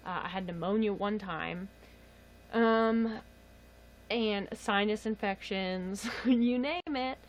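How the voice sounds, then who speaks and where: A woman's voice: medium pitch, takes it slowly, low-quality recording. A young woman on a casual livestream, telling a story in a chatty, exasperated way and laughing often. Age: young adult. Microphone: webcam or phone mic.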